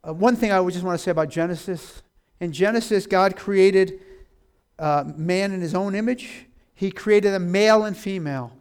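A man in his sixties giving a casual, folksy sermon, joking, laughing and acting out little voices as he goes. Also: high-pitched. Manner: folksy, jokey, acts out voices, laughs often. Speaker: preacher.

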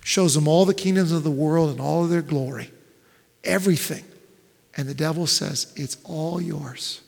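A man preaching with a slightly high voice that rings out in a big hall with a long reverb. He pushes hard through stacked, emphatic phrases, then drops to a hush. The delivery is a pastor's sermon from start to finish. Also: normal speed, vocal fry. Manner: dramatic swings between loud emphatic build-ups and hushed near-whispers.

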